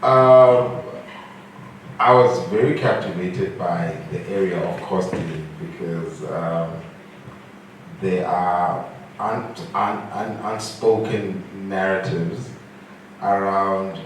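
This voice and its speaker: A man's voice: deep voice, fairly even intonation, slow pace. A man in the audience commenting hesitantly, often repeating words as he searches for them. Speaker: audience member. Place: event hall. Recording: echoey hall from far off, some noise.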